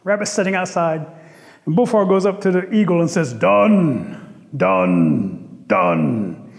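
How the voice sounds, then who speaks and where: A man from the Cherokee Nation telling a traditional story in an animated, rhythmic, playful way. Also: sits high, a little fast. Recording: long reverb.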